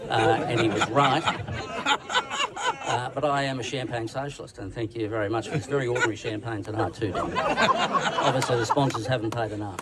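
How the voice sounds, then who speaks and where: A man's voice: medium pitch, brisk, a loud crowd. An Australian man giving a comic roast speech at a dinner, teasing and slangy in an irreverent way. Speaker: roast speaker. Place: dinner function room. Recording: distant mic with background noise.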